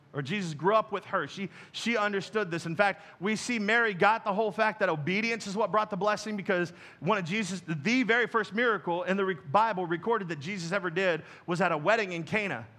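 In church, a male pastor with a high, sharp voice delivers a sermon, addressing the congregation directly and conversationally.

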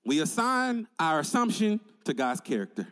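High-voiced man preaching in a reverberant hall. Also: normal speed. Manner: energetic call-and-response preaching to a congregation. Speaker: pastor. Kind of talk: sermon. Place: large church sanctuary. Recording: long reverb in a large church hall.

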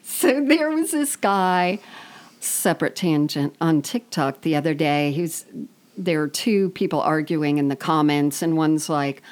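A woman's voice: low voice, animated, measured pace, a little mellow. A woman co-hosting a casual chat, telling wry stories with frequent tangents. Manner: chatty, wry storytelling with tangents. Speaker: podcast co-host.

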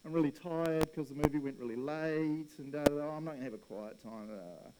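A male pastor preaching a sermon in a casual, joking, animated way. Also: fairly high pitch, fairly quick, very noisy.

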